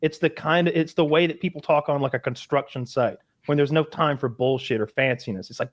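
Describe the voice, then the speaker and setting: A man's voice: fairly high pitch, brisk. A man co-hosting a podcast, chatting casually in a rambling way with many false starts. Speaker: podcast host. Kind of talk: casual chat.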